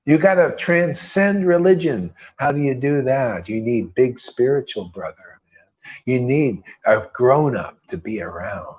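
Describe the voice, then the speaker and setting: A man's voice: medium pitch, animated, a little slow, a little mellow, dull audio. A man preaching in a loose, informal way, fervent and rambling, peppering his talk with slang and mocking voices. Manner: mocks others in put-on quoted voices. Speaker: spiritual teacher.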